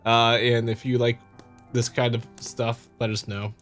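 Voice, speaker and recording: A man's voice: medium pitch, flat delivery, unhurried, a bit bright, faint music behind. A man co-hosting a game playthrough, chatting loosely and casually with a co-host. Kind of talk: casual let's-play chat.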